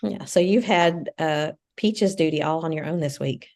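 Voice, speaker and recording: A woman co-hosting a casual chat show, supportive and unhurried as she reassures her friend. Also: low voice, vocal fry, darkish tone. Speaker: podcast co-host.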